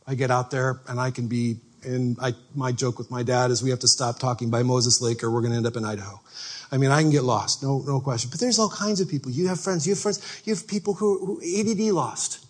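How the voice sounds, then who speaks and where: A male pastor giving a conversational, animated sermon, acting out everyday people as he goes. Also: mid-range voice, quick pace, slightly rough.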